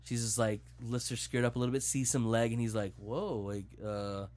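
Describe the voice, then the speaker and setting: A man's voice: mid-range voice, quick pace. A young man in casual chat, retelling a movie plot with plenty of swearing and acted-out lines. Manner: animated, profane storytelling, acting out quotes.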